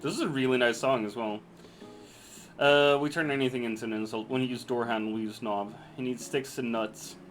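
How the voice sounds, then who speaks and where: A man's voice: medium pitch, fairly even intonation, a little fast, soft background music. A man streaming a video game, chatting casually with viewers, reading out chat and joking around. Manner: playful, jokey, reads chat aloud.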